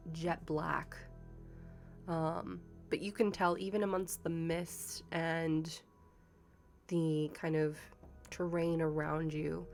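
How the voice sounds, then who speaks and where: A woman narrates a tabletop game as game master with a fairly low voice. She paints each scene in measured, careful detail. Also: a little mellow.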